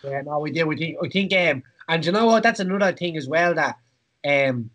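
Irish male host, husky high voice, rambling casual chat, laughs a lot. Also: animated, brisk, a bit bright. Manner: rambling, laughs often, many fillers. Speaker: podcast host, former fighter.

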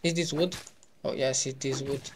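A man giving casual gameplay commentary as a YouTuber, playful and excitable, throwing in silly sound effects. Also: mid-range voice, moderate pace, a little hiss or hum. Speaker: gaming YouTuber.

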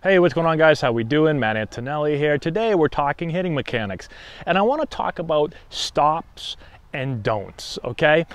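A man teaching baseball hitting in a casual talk to camera, often checking in with a quick "right?". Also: fairly high pitch, a bit bright, clean tone, no echo. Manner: conversational, frequent "right?" check-ins.

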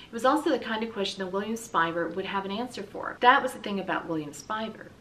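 A woman teacher reading a children's novel aloud, clear and expressive. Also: mid-range voice, quick pace, recorded from a distance, slight background noise, rough recording. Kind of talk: children's book read-aloud.

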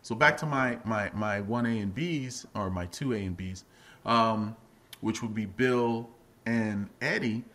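A middle-aged man and comedian, a guest on a podcast, telling stories in a loose, chatty way and breaking into laughs as he goes. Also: unhurried. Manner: animated, acts out quotes in a much higher voice, laughs often. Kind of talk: casual podcast interview storytelling.

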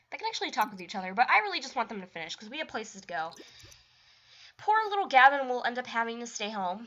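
A woman's voice: fairly high pitch, bright, forceful tone, lo-fi sound. A young woman narrating her life-sim game and scolding the characters in casual commentary, often exasperated. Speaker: gaming YouTuber. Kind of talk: let's play commentary.

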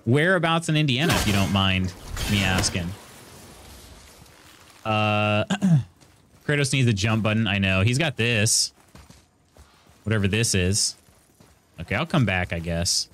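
A man's voice: lowish voice, animated, measured pace, pauses often, noisy background. A man from central Illinois giving casual live commentary while streaming a game, thinking aloud and greeting his chat. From central Illinois, USA.

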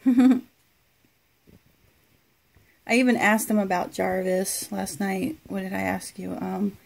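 Casual woman vlogger, slow and chatty, banters with a gadget. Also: medium pitch, level tone, gravelly, darkish tone. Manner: chatty, laughs often, talks to the device. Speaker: product reviewer. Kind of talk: casual home review vlog.

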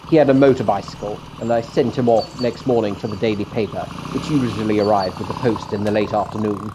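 A man's voice: on the low side, steady tone, quick pace, background noise. A man reading the text of a story game aloud to a co-player, with casual asides, often stumbling over words and restarting. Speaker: let's play co-host reading the game text.

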